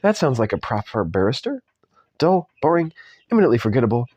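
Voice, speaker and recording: A man's voice: medium pitch, sing-song, a little fast, a little mellow, breathy edge, no echo. A man reading aloud as a dry, wry English male spy posing as a lawyer, in an understated delivery.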